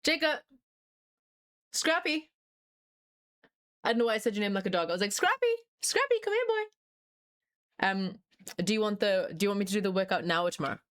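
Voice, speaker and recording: A woman's voice: mid-range voice, steady tone, very fast, smooth. A young woman streaming live, chatting casually with her chat in a scattered way, swearing freely and laughing often.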